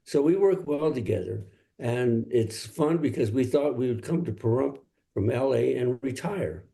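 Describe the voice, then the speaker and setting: An older male singer-songwriter from Los Angeles, telling stories in a relaxed interview and laughing often. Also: medium pitch, moderate pace, vocal fry. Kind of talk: casual interview talk.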